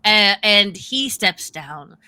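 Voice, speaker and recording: A woman's voice: medium pitch, lively intonation, takes it slowly, sharp tone. A woman narrating and explaining rules as game master, casual and chatty with many fillers.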